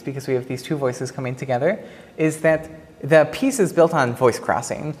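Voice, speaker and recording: A woman speaking thoughtfully to an audience at a theater talk, searching for words with many pauses and fillers. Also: low voice, slight background noise. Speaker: panelist at a pre-show talk about an opera. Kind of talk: casual talkback to an audience. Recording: long hall reverb.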